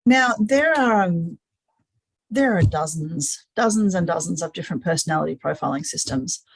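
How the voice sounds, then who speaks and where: A woman's voice: lowish voice, animated, normal speed, slight background noise, rough recording. A woman hosting a live webinar, talking earnestly and often repeating words as she thinks aloud. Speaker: webinar host. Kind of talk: live-streamed webinar talk.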